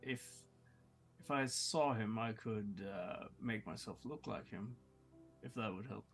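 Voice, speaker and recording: A man's voice: fairly low pitch, unhurried, fairly bright tone, faint music behind. A man playing in a tabletop game, talking hesitantly with many fillers. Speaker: player. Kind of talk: casual tabletop banter.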